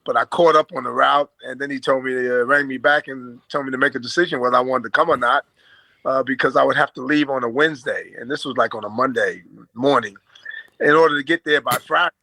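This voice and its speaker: At a quick pace and with fairly even intonation, an older Brooklyn-born former basketball player tells stories as an interview guest, his American accent showing a slight Australian twang. His mid-range voice sounds gravelly yet bright, relaxed and chatty with fillers and chuckles. It's a close, dry, echo-free recording of poor quality.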